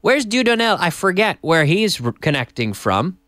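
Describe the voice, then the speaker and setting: A man hosts an English lesson on a live stream, chatting loosely and reading out viewer messages. His pitch sits a little high and swings up and down a lot. The sound is dry and close, with no room around it. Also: big pitch swings, normal speed, a bit bright, no room sound. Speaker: English teacher and host. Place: TV studio.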